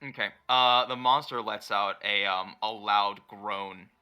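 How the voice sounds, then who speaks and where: A man narrating a tabletop game as its dungeon master, his voice low-pitched and strikingly bright. He talks in a relaxed way, with plenty of ums and easy laughs. Soft music plays underneath. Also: measured pace, clean tone. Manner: relaxed, laughs easily, many fillers.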